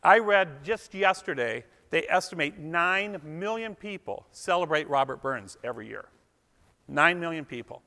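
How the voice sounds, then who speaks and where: Man, emcee, folksy self-deprecating jokes, high bright voice, long hall reverb. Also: animated, normal speed, vocal fry. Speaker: emcee telling jokes at a club dinner. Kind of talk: joke telling and trivia to a live audience. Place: event hall with a live audience.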